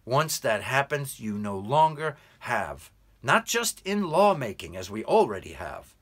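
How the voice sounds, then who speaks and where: An American man, an English tutor, delivering an earnest, urgent political commentary monologue with slow, emphatic stresses. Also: medium pitch, sing-song, a bit bright, breathy edge. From United States.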